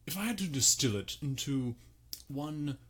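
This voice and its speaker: A man's voice: a little high, animated, unhurried, husky. A man playing a pompous communication guru guest with a British accent, giving grand, absurd advice in a comedy podcast sketch. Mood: solemn.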